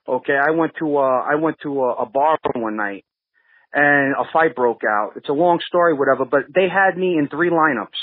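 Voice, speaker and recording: A Brooklyn-born man with a New York accent tells casual stories as a podcast regular, rambling with many restarts and fillers. His voice is on the high side with a breathy edge, at a moderate pace, over phone-line audio with no room sound.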